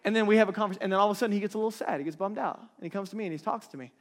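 The reverb of a large hall trails after this pastor, a man in his thirties whose high voice races along. He preaches conversationally and keeps checking in with the people listening.

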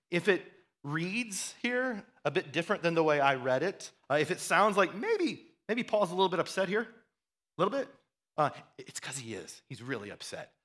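Male pastor, high and bright voice, conversational sermon delivery with restarts that builds to loud bursts. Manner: animated preaching that rises to loud, fired-up bursts; conversational, with frequent repeated words and restarts.

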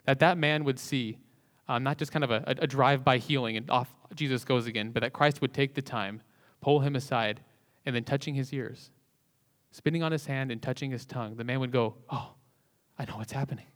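A man's voice: medium pitch, fairly even intonation, a little fast, a bit bright. Male preacher, mid-range voice, earnest sermon, long hall reverb. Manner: earnest, rises and falls in emphasis, occasional light laughs. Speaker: pastor.

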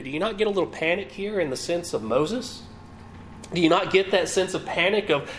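A man preaching a teaching sermon in a high, lively voice that rises and falls widely. He asks his listeners question after question and acts out the characters' words. Faint noise sits under the recording. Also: a little fast. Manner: animated, rhetorical questions, acts out quotes.

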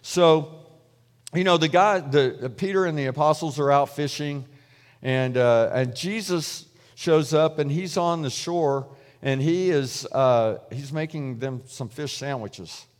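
A man's voice: a little high, a little slow. Man preaching a conversational sermon in a reverberant hall. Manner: conversational storytelling, acts out quoted voices.

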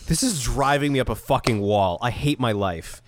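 Animated swearing young man telling a story. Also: medium pitch, moderate pace. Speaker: podcast co-host. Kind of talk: casual storytelling chat.

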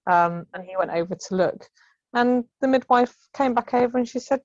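A woman's voice: on the high side, moderate pace, a little mellow, dry recording. A woman in her thirties chats from home over a remote call, laughing often and acting out the voices of others. The sound is dry and close, with a slightly dull, muffled call quality. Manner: chatty, laughs often, acts out quoted voices. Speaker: podcast guest. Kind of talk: casual storytelling.

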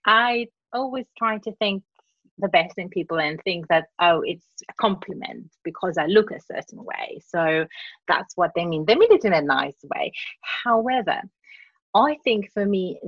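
A British woman in casual chat, talking in a thoughtful, questioning, animated way. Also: medium pitch, husky, no room sound. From Britain. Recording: slightly dull dry recording.

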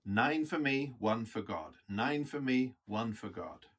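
A smug, self-satisfied religious man counts out his tithe, as a man mocks him. He has a husky voice and sounds pleased with himself. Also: mid-range voice, animated, slow, fairly bright tone, heavily acted. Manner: smug, mocking.

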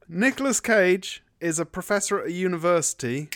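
An animated man with a lively, swooping delivery, recapping a film for a podcast in an easy, joking way. His pitch sits a touch high for a man, and the sound is dry and close. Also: moderate pace, no echo. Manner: animated storyteller, acts out characters in jokey voices. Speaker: podcast co-host. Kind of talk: casual comedic film recap.

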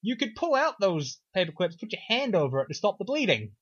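A man's voice: high-pitched, sing-song, fairly quick, fairly bright tone, breathy edge. A man co-hosting a podcast, recapping a film in a sarcastic, profane, offhand way. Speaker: podcast co-host reviewing a film. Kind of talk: casual film recap chat. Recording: dull lo-fi sound.

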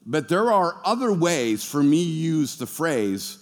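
Jokey, animated preacher, man, fairly high voice, preaching in a reverberant church hall. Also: measured pace. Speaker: pastor. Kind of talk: sermon. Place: church hall being filmed for streaming.

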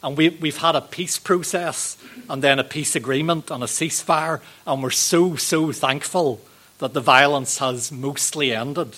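A man, giving a sermon in a gentle, conversational way, with ums and rhetorical questions. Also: on the high side, a little slow. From Northern Ireland. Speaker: preacher.

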